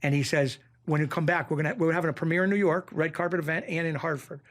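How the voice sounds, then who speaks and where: A man from Springfield, Massachusetts telling a story as a podcast guest. His voice sits a little high, and he acts out the other people's lines. He gets excitable as the tale builds. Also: quick pace. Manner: excitable, acts out quotes, jumps pitch when excited. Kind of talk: animated storytelling in a podcast interview.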